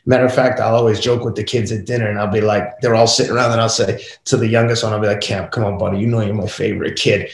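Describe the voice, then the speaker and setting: A man's voice: fairly low pitch, fast, hardly any pauses. A middle-aged man, a podcast guest, telling family stories in a casual interview, acting out the voices of his kids and wife. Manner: animated, acts out family dialogue. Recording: echoey room.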